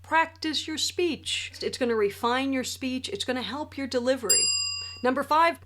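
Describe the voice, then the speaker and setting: A woman in her forties talks straight to the camera about writing wedding speeches. Her voice sits a little high, and her delivery is animated, jokey and emphatic. She sounds like she is recording at home under a ring light. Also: moderate pace, a little hiss or hum. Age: 40s. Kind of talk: direct-to-camera tips video.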